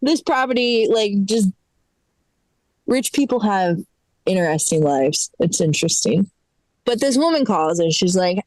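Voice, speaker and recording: A woman's voice: medium pitch, expressive, a little slow, darkish tone, dry recording, low-quality recording. A woman doing a stand-up set in a comedy club, sarcastic and exasperated as she acts out fussy callers.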